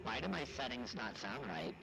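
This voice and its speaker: A man's voice: medium pitch, sing-song, normal speed, creaky, poor audio. A man voicing a cold, formal male machine intelligence through a voice-changer filter, with stiff clipped phrasing. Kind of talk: in-game voice acting on a stream.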